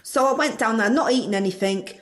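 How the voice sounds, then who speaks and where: A woman's voice: on the high side, quick pace, close to an everyday voice. A brash, chirpy parody of a female politician with a broad Northern English accent, as a comedic actress plays her. She rambles through a self-mocking story in a chatty, cheeky comedy-sketch monologue, full of asides.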